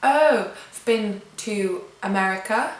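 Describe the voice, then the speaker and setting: In a casual vlog chat at home, a young English woman with a British accent reads tag questions aloud and answers them offhandedly. She speaks slowly at medium pitch, and the chatty recording is rough with a roomy sound.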